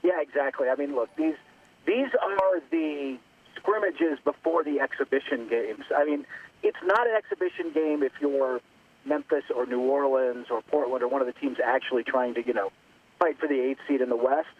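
A man calling in as a guest basketball writer, talking in an animated way with quick restarts. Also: mid-range voice. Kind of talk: phone-in interview. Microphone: phone. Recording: tinny phone line.

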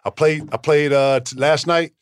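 A man in his forties, a former pro athlete, telling animated, profane stories as a guest in a casual podcast studio chat. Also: on the high side, normal speed, smooth. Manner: animated, profane, swaggering storyteller.

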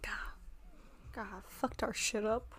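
A woman's voice: mid-range voice, steady tone, slow pace, husky, no echo, in a whisper. A woman from North Carolina with a Southern accent, co-hosting a podcast in casual chat, with wry, blunt reactions and retold exchanges. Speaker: podcast co-host.

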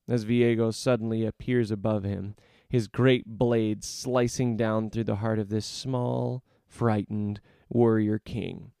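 Gravelly male storytelling narrator. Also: lowish voice, warm tone, dry recording, studio quality. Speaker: podcast host and storyteller.

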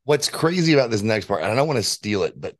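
Male podcast host, low pitch, rambling and casual, dry close mic. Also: big pitch swings, fast, no echo. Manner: loose, rambling, swears casually.

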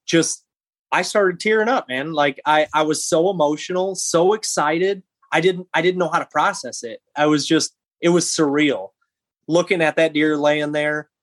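A man in his thirties, a podcast guest, telling a story in animated, halting bursts with many restarts. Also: a little high, no echo.

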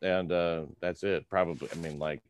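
A man, a comedian guest in a casual chat, making wry deadpan asides. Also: sits low, normal speed, a little hiss or hum.

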